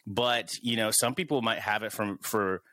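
Rambling male podcast host, low bright voice. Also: normal speed, dry recording. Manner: rambling, thinks aloud with many restarts. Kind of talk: casual podcast chat.

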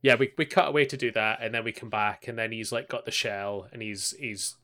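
A man's voice: fairly low pitch, steady tone, sharp tone. A man co-hosting a podcast, retelling scenes in a rambling, sweary casual chat. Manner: rambling, sweary, quick retelling with quoted lines. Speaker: podcast co-host. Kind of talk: casual chat recapping an anime.

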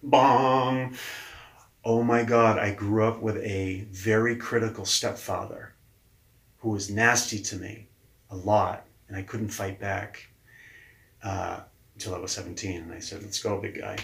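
A man, a leadership coach, telling his story casually in an interview. He talks lively, acts out quoted dialogue and swears casually. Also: lowish voice, unhurried, vocal fry. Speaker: leadership coach, podcast guest. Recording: echoey room.

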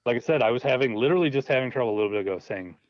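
A filmmaker guest talks about the films he writes in an interview, speaking fast with lively, medium-pitched intonation. Casual and laughing, he stumbles over his words, and the sound is dull, dry and lo-fi.

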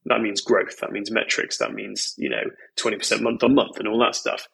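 Brief: male investor guest, frank and emphatic, a little husky, loose filler-heavy talk. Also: on the low side, steady tone, brisk, a bit bright, low-quality recording. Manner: candid, emphatic, peppered with "you know" and "like". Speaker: venture capital investor, guest. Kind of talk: podcast conversation.

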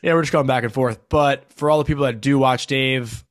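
A man's voice: mid-range voice, steady tone, fairly quick, no echo, studio quality. Rambling casual man on a podcast. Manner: rambling, filler-heavy, trails off softly. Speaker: podcast co-host. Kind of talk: casual chat.

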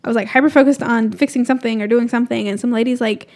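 A woman's voice: a little high, steady tone, very fast, darkish tone. A young woman, a podcast guest, talking casually in a rambling way full of "like" fillers. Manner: rambling, filler-heavy, "like"-laden talk.

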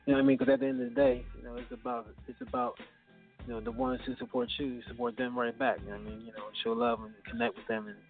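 A man calls in to a radio show and talks fast in a gravelly voice, friendly and full of fillers. The line sounds thin and phone-like, with faint music underneath. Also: mid-range voice. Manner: friendly, repeats fillers like "you know what I mean". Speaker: caller and musician. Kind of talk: casual phone call.

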